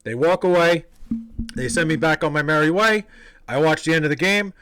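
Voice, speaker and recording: A young man from New York casually telling a story, animated, profane and self-deprecating. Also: on the high side, moderate pace, slight background noise, low-quality recording. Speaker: vlogger telling a personal story.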